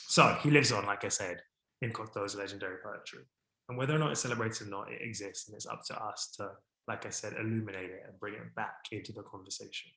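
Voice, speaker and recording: A man giving a history talk, expressive and enthusiastic, lifting his voice when excited and reading a French poem aloud with care. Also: quick pace, creaky, roomy sound, poor audio. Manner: expressive, warm about his subject, rises in pitch and volume when excited. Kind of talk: presentation to an online audience.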